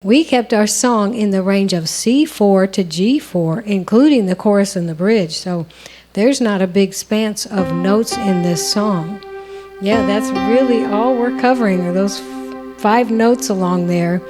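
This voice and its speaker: A woman's voice: medium pitch, unhurried, music in the background. A woman co-hosting a songwriting lesson, explaining step by step in a conversational way. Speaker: songwriting co-host. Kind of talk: instructional conversation.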